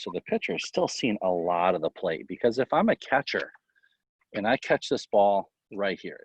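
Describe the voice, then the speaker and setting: A man who is a baseball coach, talking casually in an interview and giving tips in a rambling, animated way full of fillers. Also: lowish voice, slightly rough, no room sound. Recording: dull, lo-fi, dry sound.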